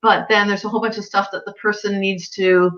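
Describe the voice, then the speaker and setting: Woman, bright and forceful voice, animated storyteller, slightly dull lo-fi sound. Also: medium pitch, a little fast. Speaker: animal communicator. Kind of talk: casual chat.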